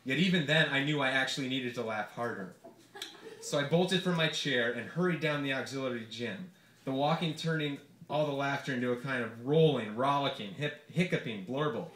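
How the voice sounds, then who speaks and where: A man reading his own comic personal essay aloud to a live audience in a bar, with a vivid, expressive storytelling delivery. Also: mid-range voice, a little fast, roomy sound. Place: bar hosting a reading series.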